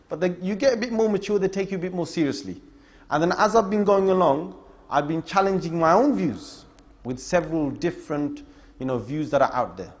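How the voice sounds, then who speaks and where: A man giving a religious lecture to an audience, talking directly and casually, often checking in with tag questions. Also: fairly high pitch. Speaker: Islamic scholar lecturing.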